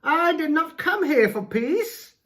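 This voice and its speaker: A man's voice: extremely high pitch, very animated, slow, heavy background noise, pitched above the performer's own voice, heavily acted. A man voicing an apostle as a sly, mischievous male figure with a teasing manner.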